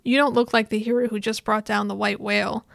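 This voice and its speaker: A woman voicing a stern young noblewoman commander in a formal, measured way, read in a recap. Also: mid-range voice, little pitch movement, creaky, dry recording, studio quality.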